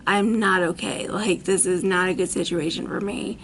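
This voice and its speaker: A man's voice: high-pitched, steady tone, normal speed, creaky, a bit bright, a little hiss or hum. A woman voicing her frightened boyfriend, pleading frantically on the phone. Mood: frantic. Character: panicked young boyfriend.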